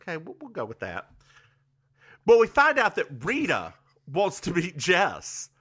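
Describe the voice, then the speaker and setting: Lively, bright-voiced man recapping a show. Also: sits high, measured pace, slightly rough. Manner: playful, acts out characters in voices. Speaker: podcast co-host. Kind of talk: casual recap chat.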